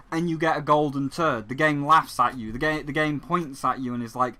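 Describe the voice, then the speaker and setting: A man's voice: a little high, steady tone, fairly quick, hardly any pauses, pushed and bright. A man hosting a gaming channel who rants sarcastically in casual commentary and often restarts his sentences. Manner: ranting, sarcastic, frequent restarts.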